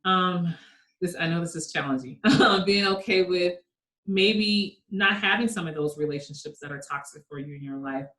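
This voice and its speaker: A woman guest speaking in an earnest, reflective way over a video call, laughing softly now and then. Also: on the low side, moderate pace. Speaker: guest, kindness network founder. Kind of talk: conversational interview. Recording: echoey room sound.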